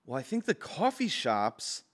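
Young male podcast co-host, casual, deadpan ribbing. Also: medium pitch, unhurried. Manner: teasing, deadpan jokes. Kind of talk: casual chat.

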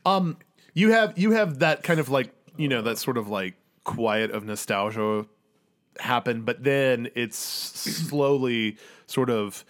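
A young man running a tabletop game as game master. He narrates in a halting way, with many restarts and fillers, and laughs often. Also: mid-range voice, animated.

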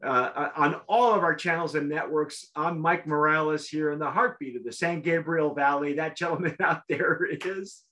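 Casual show host, male, higher-pitched, halting and rambling delivery. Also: fairly even intonation, pushed and bright. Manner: rambling, halting, full of restarts. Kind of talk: casual tasting chat.

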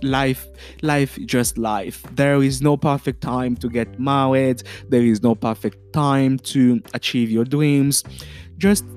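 A man's voice: mid-range voice, a little mellow. A man with a French accent hosting a podcast, giving an earnest motivational talk full of fillers and restarts. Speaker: podcast host. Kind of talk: motivational monologue.

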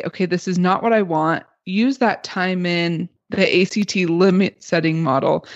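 A woman's voice: lowish voice, no room sound, muffled recording. A woman explaining child behaviour strategies in a casual podcast discussion, in a patient coaching tone. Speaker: parenting expert guest.

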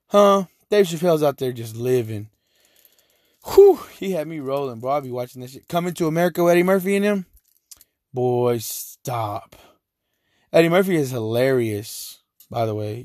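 A man's voice: mid-range voice, no echo, clean studio sound. A man with a Texan accent hosting a casual solo podcast, talking loosely and profanely with lots of laughing asides. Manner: loose, profane, animated storytelling with frequent laughs. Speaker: podcast host.

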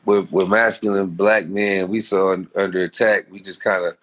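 A man's voice: deep voice, fairly even intonation, moderate pace, a bit bright. A man being interviewed as a guest, telling a personal story in a heartfelt, rambling, slangy way. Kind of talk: casual storytelling.

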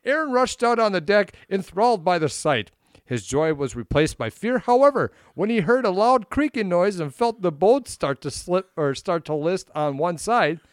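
A man's voice: high voice, big pitch swings, clear, resonant tone, dry recording, clean studio sound. Midwestern man, casual podcast co-host. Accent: Upper Midwest American. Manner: mutters and swears at equipment, reads aloud haltingly. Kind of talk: casual chat.

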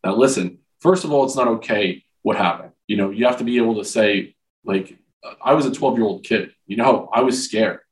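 A man's voice: on the low side, a little fast, low-quality recording. A man in his forties, a podcast guest, talking frankly and earnestly about men's struggles, with casual swearing. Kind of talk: candid conversational interview.

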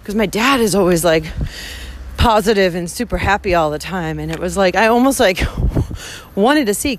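A woman's voice: medium pitch, lively intonation, moderate pace. Young woman vlogging while walking, swears a lot, faint outdoor noise. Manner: candid, emotional, heavy swearing. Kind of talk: casual walking vlog. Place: outdoors walking to a train station.

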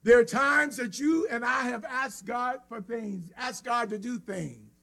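A man preaching a sermon with an impassioned delivery that swings from hushed near-whispers to cries. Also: extremely high pitch, unhurried, vocal fry.

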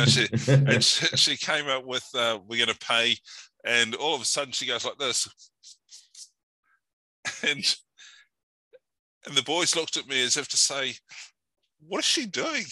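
A man's voice: mid-range voice, unhurried, long pauses, bright, forceful tone, dry recording, low-quality recording. A man, hosting an interview and telling a funny story in a chatty way. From New Zealand. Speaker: interviewer, host. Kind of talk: casual interview chat and anecdote.

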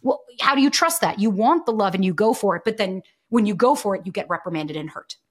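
A woman in her thirties speaks as a podcast guest, candid and blunt, with a mid-range voice. She tells stories in a lively, expressive way, cursing freely and slipping into the voices of people she quotes. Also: mid-range voice, quick pace. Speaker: podcast guest, dating coach. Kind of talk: candid conversational storytelling.

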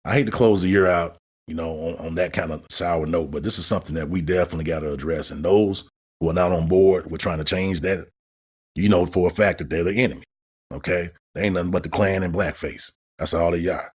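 A man's voice: sits low, fairly even intonation, brisk, husky. A man hosting a podcast, talking in a heated, emphatic monologue and repeating words as he builds up steam. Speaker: podcast host.

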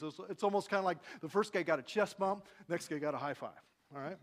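Speaking at a fairly quick clip in a high-pitched voice, this pastor delivers a sermon in a church hall. He reads scripture aloud, building to dramatic loud peaks, and asks his congregation questions.

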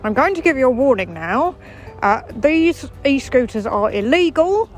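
A woman's voice: high-pitched, big pitch swings, moderate pace, voice pushed up. A woman putting on the voice of a stern, officious male police officer issuing a formal warning.

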